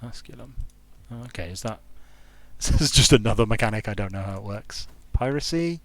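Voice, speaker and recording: In a fairly low, animated voice at a moderate pace, with no echo, a young game designer comments casually on the strategy game he's streaming from a hot room at home. He rambles, thinks aloud, and frequently stops partway through sentences.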